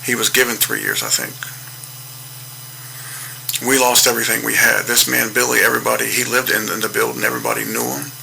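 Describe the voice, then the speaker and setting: A man with a gravelly voice telling a true story from his childhood in an earnest, preaching way, repeating himself for emphasis. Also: medium pitch, expressive, bright, forceful tone, slight background noise, low-quality recording. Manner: earnest, preaching storyteller with repetitions and a slow, measured delivery. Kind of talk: personal testimony monologue.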